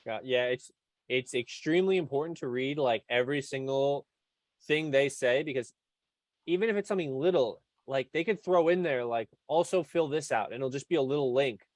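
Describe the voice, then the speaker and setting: A man's voice: mid-range voice, fairly quick, no room sound. A man hosting a podcast who chats casually and asks loose, friendly questions. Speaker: podcast host. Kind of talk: casual interview.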